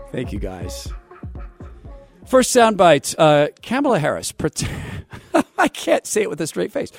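A man hosting a religious talk show, giving sarcastic, preachy commentary on soundbites and asking for donations. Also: fairly high pitch. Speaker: radio show host.

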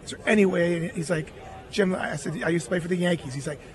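Crowd noise can be heard as a middle-aged man, once a baseball catcher, speaks quickly in a high voice. Appearing as a radio interview guest, he sincerely shares a personal story, quoting others in his own voice.

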